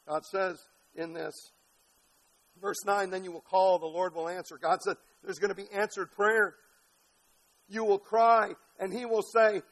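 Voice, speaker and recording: A man preaching an impassioned sermon, building to shouted peaks and dropping to quiet, low passages. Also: steady tone, measured pace, low-quality recording. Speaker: pastor.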